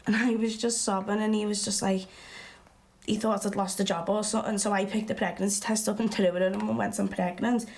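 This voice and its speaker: A woman's voice: medium pitch, level tone, fairly quick, creaky, darkish tone, close to an everyday voice. An actress playing a blunt, strong-willed young woman who tells her story in chatty, colloquial speech for a verbatim theatre film. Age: young adult. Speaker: interviewee recalling her past.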